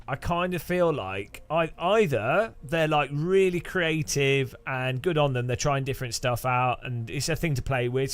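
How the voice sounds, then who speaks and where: A man streaming sim racing, chatting casually and rambling with chuckles while answering his chat. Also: on the high side.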